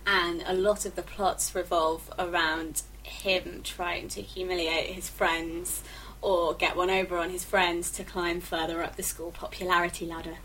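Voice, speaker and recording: A woman's voice: fairly low pitch, flat delivery, a little slow, a bit bright, slight background noise, low-quality recording. A young woman co-hosting a podcast, chatting casually and reading aloud with playful comic emphasis. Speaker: podcast co-host.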